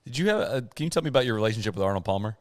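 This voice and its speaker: Brief: quick-paced male podcast interviewer, lowish voice, friendly. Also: animated. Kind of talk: casual interview.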